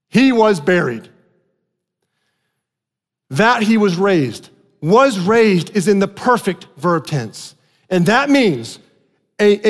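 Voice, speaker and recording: A man preaching a sermon as pastor, moving between quiet low asides and raised, emphatic lines. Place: church sanctuary. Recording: long reverb in a large hall.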